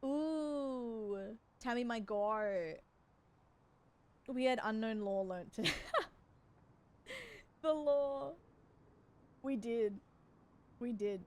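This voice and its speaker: A woman's voice: on the high side, drawn-out words, long pauses, darkish tone. A young woman, chatting casually and rambling with her stream viewers from home. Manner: rambling, chatty, laughs often.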